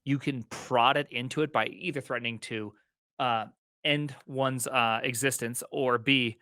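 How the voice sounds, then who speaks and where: A man co-hosts a casual tech podcast, excitable and jumping between half-finished thoughts. His voice is bright and forward, and the sound is dry and close with no room around it. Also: medium pitch, no room sound. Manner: excitable, talks in quick restarts. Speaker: podcast co-host.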